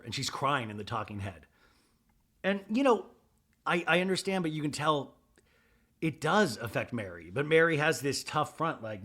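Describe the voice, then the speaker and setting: A man hosting a podcast, recapping a reality show with animated impressions of the cast. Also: fairly high pitch, normal speed. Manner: animated, switches into exaggerated voices for each person.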